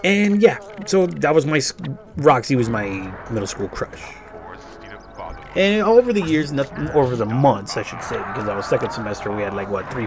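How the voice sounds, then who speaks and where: A man telling a rambling, profane personal story during a game playthrough, often correcting himself. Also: medium pitch. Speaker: gaming channel host.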